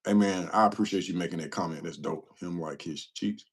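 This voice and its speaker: A man's voice: deep voice, brisk, breathy edge. A man hosting a casual livestream, telling stories with a self-mocking, slangy manner and laughing often. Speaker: livestream host. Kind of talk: casual livestream chat reading comments.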